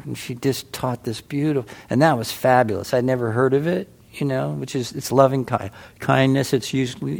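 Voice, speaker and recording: A man's voice: medium pitch, creaky, darkish tone. A middle-aged man giving a casual, rambling personal talk at a meditation center, full of restarts and "you know.".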